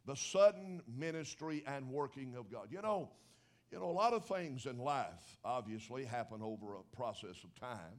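A preacher man delivering a sermon in a casual, homespun way. His voice sits at an ordinary middle pitch, and he pushes up in pitch and loudness to stress his points. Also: lively intonation, moderate pace. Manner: folksy preaching, building to emphatic rises. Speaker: pastor.

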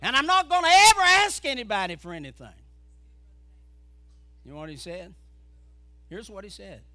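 A man preaching a fiery revival sermon as an evangelist, building from quiet talk to shouted preaching. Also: sits high, wildly swooping pitch, normal speed.

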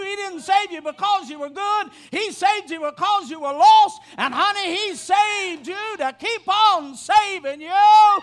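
A man with a very high voice preaches a sermon at an unhurried, drawn-out pace. His delivery is impassioned and swells into shouting, and his voice breaks into a cry at the peaks.

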